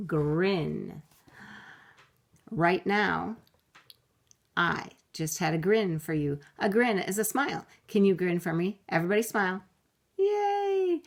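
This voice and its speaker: Slow, patient woman teaching phonics. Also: fairly low pitch, fairly bright tone. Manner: slow, patient, sounds words out letter by letter. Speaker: kindergarten teacher. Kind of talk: remote phonics lesson for young children. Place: home, speaking to a camera. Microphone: computer camera mic.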